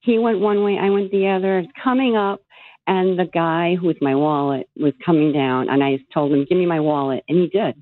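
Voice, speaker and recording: A woman's voice: on the low side, fairly even intonation, normal speed. A woman calling in to a radio show, telling her story in a blunt, emphatic way. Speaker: caller. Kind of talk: call-in storytelling. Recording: tinny phone line.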